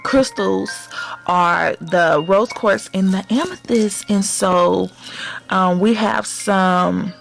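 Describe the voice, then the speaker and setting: A woman chatting excitedly to viewers while unboxing a gift box, gushing and calling them y'all. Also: medium pitch, takes it slowly, vocal fry, soft background music. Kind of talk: casual unboxing chat.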